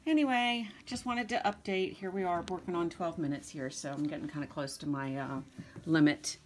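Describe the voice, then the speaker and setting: A woman's voice: fairly low pitch, normal speed, soft background music. A middle-aged woman breeder chatting casually in a vlog, rambling and cooing at her puppies. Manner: chatty, rambling, coos at puppies in baby talk. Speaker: dog breeder. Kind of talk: casual vlog narration to camera.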